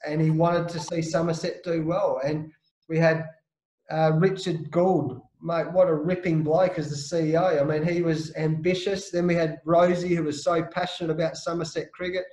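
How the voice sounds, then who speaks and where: An Australian man telling a story as an interview guest, lively and blokey, acting out the voices of the people in his tale. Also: fairly high pitch, roomy sound, low-quality recording. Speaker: interview guest, former captain. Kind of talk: animated anecdotal storytelling.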